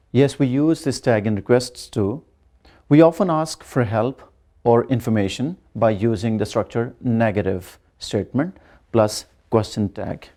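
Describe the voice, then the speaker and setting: A man giving a grammar lecture, slowly explaining and repeating examples. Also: medium pitch, dark tone. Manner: explains slowly, repeats examples, demonstrates rising and falling tones. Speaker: English lecturer.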